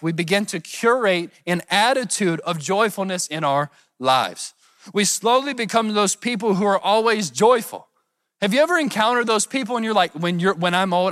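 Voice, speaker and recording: A man's voice: high voice, fairly bright tone, dry recording, studio quality. A man preaching a sermon in a conversational way, often asking the congregation rhetorical questions and addressing members by name. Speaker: pastor.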